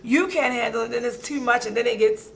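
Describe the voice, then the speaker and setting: A woman's voice: fairly high pitch, fast talker, a little hiss or hum. A woman with a Baltimore accent, co-hosting a casual radio talk show, slangy and talking straight to listeners. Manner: lively, slangy, speaks straight to listeners as "y'all".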